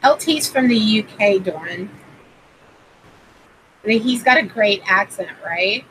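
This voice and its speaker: A woman's voice: mid-range voice, lively intonation, unhurried, fairly bright tone, a little hiss or hum, low-quality recording. A woman hosting a casual livestream and doing card readings, rambling with plenty of fillers and greeting viewers by name. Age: adult parent.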